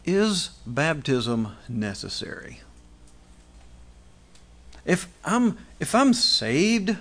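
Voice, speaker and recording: A man's voice: a little high, very animated, extremely slow, long pauses. A middle-aged pastor preaching a conversational sermon, asking rhetorical questions and restarting phrases as he goes.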